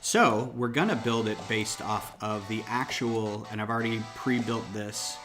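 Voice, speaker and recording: A man's voice: on the low side, measured pace. A man hosting a casual livestream, rambling and thinking aloud while he builds, a little farther from the mic than usual. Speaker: host of a LEGO design livestream. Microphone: desk mic, a bit farther off than usual. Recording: background music under the voice.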